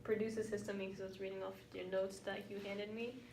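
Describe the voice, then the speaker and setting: A woman's voice: medium pitch, little pitch movement, a little fast, creaky, darkish tone. A teenage girl reading a class review aloud, giggly and tripping over pronunciation. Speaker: student presenter. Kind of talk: giggly class video recording. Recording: echoey room with faint noise.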